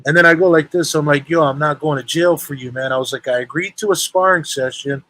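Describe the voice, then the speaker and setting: Young man, slightly high voice, rambling street-slang storyteller, casual call-in chat. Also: fast talker, sharp tone, poor audio. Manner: rambling, street slang, lots of "bro" and "right?".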